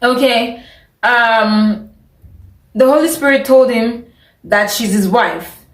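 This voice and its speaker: A woman's voice: a little high, slow pace, roomy sound, rough recording. A woman vlogging her opinions in a chatty, opinionated way, often breaking into laughter. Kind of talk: casual opinion vlog.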